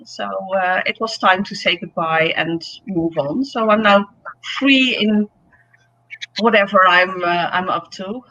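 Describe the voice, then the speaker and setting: A woman's voice: medium pitch, lo-fi sound. Hesitant woman guest from the Netherlands. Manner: hesitant, halting, with many fillers and soft laughs. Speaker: guest caller. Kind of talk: casual chat.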